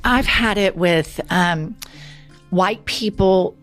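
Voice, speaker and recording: A woman's voice: medium pitch, slow, soft background music. A woman speaking with sarcastic indignation.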